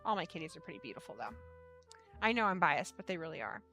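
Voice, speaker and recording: A woman's voice: lowish voice, wildly swooping pitch, fast talker, over music. A woman hosting a casual live stream, chatty, laughing often and swearing casually. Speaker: livestream host and yarn shop owner.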